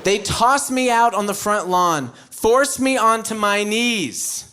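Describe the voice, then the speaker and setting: An American man performing stand-up on stage, telling a story with animated acted-out bits and sudden loud outbursts. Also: sits high, slow, some chatter behind. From United States. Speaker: stand-up comedian. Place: live comedy stage before an audience.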